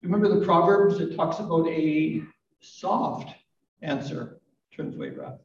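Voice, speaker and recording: An older man gives a gentle, reflective sermon at a live church service, with soft asides and a touch of self-deprecating humor. His voice sits a little high and comes from some way off the mic. The live recording is dull and roomy. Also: very animated, measured pace, distant mic, a little hiss or hum. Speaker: pastor.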